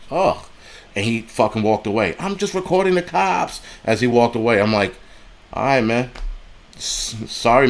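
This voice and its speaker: A man's voice: mid-range voice, a bit bright. Heated, profane man ranting on a live stream. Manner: profane, heated retelling with quoted dialogue. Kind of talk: angry storytelling on a live stream.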